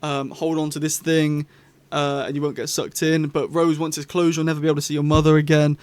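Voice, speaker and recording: A man's voice: on the high side, level tone, quick pace, darkish tone, clear, resonant tone. A young man, hosting a casual vlog review in a rambling, chatty, enthusiastic way. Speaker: YouTube host.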